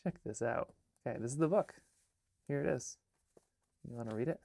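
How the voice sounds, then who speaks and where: A soft-spoken man chats casually to camera about his art. His voice sits at a middle pitch, and he halts and restarts his sentences, sometimes sinking to a near murmur. The sound is dry and close, with no room echo. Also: vocal fry. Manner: halting, with many restarts and fillers. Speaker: artist and filmmaker. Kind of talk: casual vlog chat.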